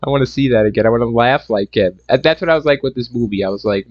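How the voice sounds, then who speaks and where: A man's voice: mid-range voice, fast talker, few pauses, darkish tone, no echo, muffled recording. A man giving a casual, profane and rambling movie review rant, sarcastic and full of restarts.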